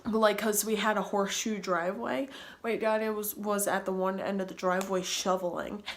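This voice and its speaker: A woman recounting a personal story straight to her viewers, storytime-vlog style. She talks at an everyday middle pitch, rambling and breathless, piling up repeats and restarting her sentences as she goes. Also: fairly even intonation, moderate pace. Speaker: vlogger.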